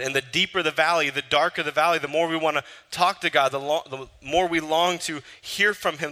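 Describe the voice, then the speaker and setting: A man preaching a sermon as a pastor, building with repetition and dropping low and soft to read scripture. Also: long reverb tail.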